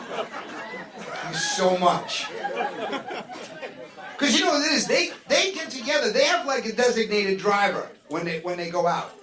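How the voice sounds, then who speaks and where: A man with a strikingly high voice performs stand-up on a club stage, animated and slipping into other people's voices. He is heard from a distance in an echoey room, with a crowd laughing clearly behind him. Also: a little fast, hardly any pauses. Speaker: stand-up comedian. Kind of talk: stand-up comedy set. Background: audience laughing.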